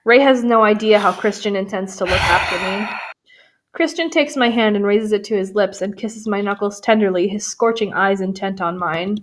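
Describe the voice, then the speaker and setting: A woman reads a romance novel aloud for laughs, her voice at an ordinary middle pitch. She keeps stepping out of the text to add dry, sarcastic remarks. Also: moderate pace. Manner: wry, sarcastic asides between read passages. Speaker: podcast host reading a novel aloud. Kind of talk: comedic dramatic reading with commentary.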